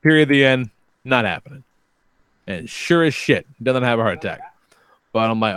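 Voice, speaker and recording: A man's voice: medium pitch, lively intonation, moderate pace, pauses often, fairly bright tone, smooth, no echo. A man in his thirties, a podcast co-host telling a long story in casual, profane chat and acting out both sides of the conversations. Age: 30s.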